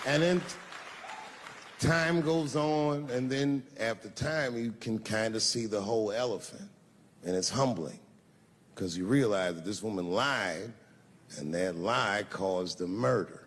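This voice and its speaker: A man's voice: fairly low pitch, measured pace, a faint crowd. A man performing stand-up comedy on stage, telling profane stories and acting out the voices in them. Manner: profane, animated storytelling with acted-out voices. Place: stage in a large venue. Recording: long reverb of a big hall with faint ambience.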